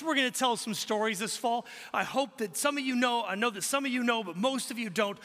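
A man in his forties preaching a sermon to his congregation as pastor, talking casually and then building to loud, emphatic peaks. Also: sits high, in a large hall. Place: church sanctuary.

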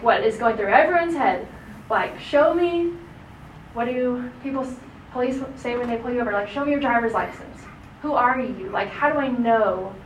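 Woman leading a relaxed Bible class, talky and informal, a bit high-pitched, heard from across an echoey room. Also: slight background noise. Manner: chatty, lots of "like" and "right?". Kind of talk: casual Bible class teaching. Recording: echoey room recorded from a distance.

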